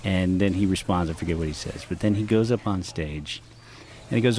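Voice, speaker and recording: A man's voice: deep voice, a little fast. A man telling stories as a comedian guest on a podcast, in a casual, profane style. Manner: profane, animated storyteller.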